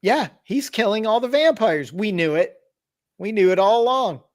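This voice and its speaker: A man's voice: high voice, animated, moderate pace. A man hosting a podcast, casually telling a tabletop horror story with wry asides and explanations. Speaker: podcast host.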